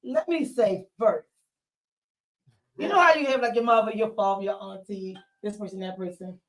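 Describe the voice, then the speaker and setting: A woman hosting a casual studio chat show, loud, playful and teasing with her guests. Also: medium pitch, moderate pace, poor audio. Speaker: host. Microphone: podcast studio mic.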